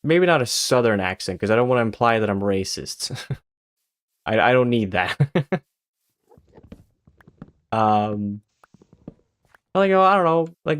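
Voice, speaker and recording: A Swedish man speaking English learned with an American lean, rambling casually as he plays a game. He laughs easily and swears freely, at an ordinary middle pitch. The sound is close and dry. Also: clean tone, dry recording. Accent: American-style English learned as a second language. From Sweden. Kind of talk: casual commentary while gaming.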